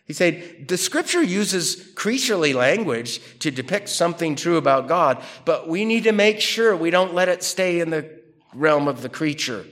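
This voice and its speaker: A theology teacher delivers a conversational classroom lecture, reading quotations aloud and questioning them in an animated way. His voice is fairly high, and he speaks at a moderate pace.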